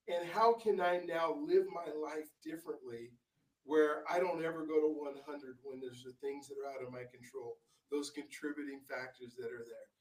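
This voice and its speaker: A male author, a guest on an interview, telling stories in a rambling way with many fillers and restarts. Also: fairly high pitch. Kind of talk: casual interview storytelling. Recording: roomy, distant from the mic.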